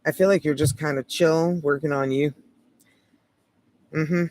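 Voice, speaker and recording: A woman's voice: sits low, fairly even intonation, a little slow, darkish tone. A Canadian woman hosting a casual tarot livestream, chatting in a rambling, easygoing way with lots of "like" and light laughs.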